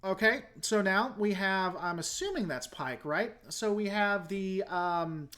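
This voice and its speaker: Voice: mid-range voice, unhurried, fairly bright tone. Rambling, critical reaction host. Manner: rambling and critical, often restarting sentences; frank and opinionated. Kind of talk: casual reaction commentary, answering viewer comments.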